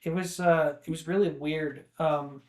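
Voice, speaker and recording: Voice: mid-range voice, fairly even intonation, reverberant. Jokey podcast guest. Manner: jokey, quick asides. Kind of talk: casual chat.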